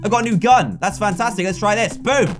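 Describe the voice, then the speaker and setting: A young British man in his twenties giving excitable, jokey let's-play commentary, talking to the characters as he plays. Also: sits high, fast talker, soft background music. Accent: British English. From England. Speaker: gaming YouTuber.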